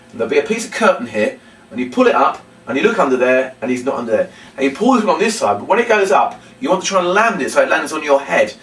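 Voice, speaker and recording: A man teaches a children's puppet routine. He hesitates with many ums and breaks into loud, high calls to demonstrate. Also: sing-song, fast. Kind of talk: instructional demonstration. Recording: roomy, distant mic, faint room noise.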